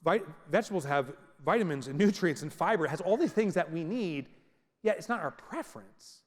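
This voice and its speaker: A man with a slightly high voice speaks fairly quickly as he gives a humorous motivational keynote to a live audience in a big venue. He acts out scenes while telling lively stories, and the hall's reverb is audible on the recording.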